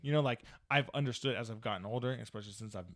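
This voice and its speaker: A man in his thirties co-hosting a podcast, telling stories in casual chat, animated and swearing freely as he acts out quotes. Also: medium pitch, very fast. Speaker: podcast co-host. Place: podcast studio.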